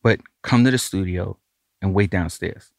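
A man's voice: deep voice, moderate pace, gravelly, no echo. A man, a record producer casually telling a studio story and acting out the voices of the people in it. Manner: animated, acts out the voices of others in his story.

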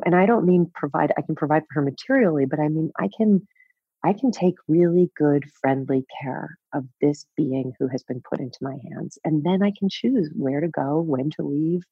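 A woman's voice: low voice, fairly quick, breathy edge, dry recording, dull audio. A woman in her fifties telling a personal story as a podcast guest, frank and wry, laughing at herself. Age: 50s. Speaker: guest author.

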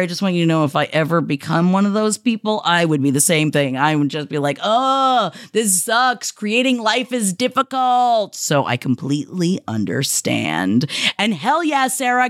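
Podcast host, female, reads listener letters with big emotional swings; dry studio mic. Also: no room sound. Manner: warm, emotional, heartfelt delivery with sudden pitch swings. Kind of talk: reading listener shout-outs aloud.

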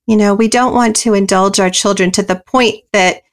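A woman guest in an interview, explaining parenting ideas earnestly and often pausing with "you know" and "um". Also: medium pitch, fairly even intonation. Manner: earnest and explanatory, many you-knows and ums. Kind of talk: interview answers.

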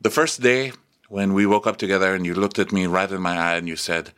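Podcast co-host, middle-aged man, low bright voice, swoops around playfully while mocking reality TV. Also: steady tone, fairly quick, smooth. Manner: joking, acts out quotes in silly voices. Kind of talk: comedic recap chat.

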